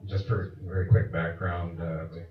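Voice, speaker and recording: Deep-voiced man chairing a meeting. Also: little pitch movement, normal speed. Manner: procedural, with hesitant fillers. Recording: roomy, distant, dull, noisy council chamber.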